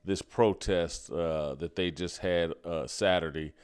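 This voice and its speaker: Male host, low and smooth. Earnest, measured interviewer. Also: fairly even intonation. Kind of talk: interview questions and commentary.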